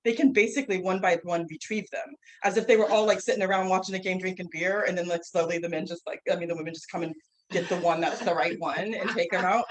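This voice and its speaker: A woman teaching a class, telling a story in a lively, rambling way, full of restarts and "like", standing away from the microphone. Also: on the low side, fast talker, poor audio. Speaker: herbal instructor and guest speaker. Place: classroom, speaking away from the mic.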